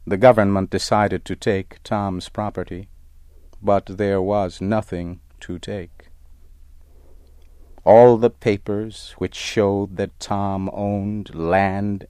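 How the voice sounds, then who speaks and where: A man narrating a story in a slow, deliberate, plain reading style. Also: deep voice, darkish tone, clear, resonant tone, no room sound, clean studio sound.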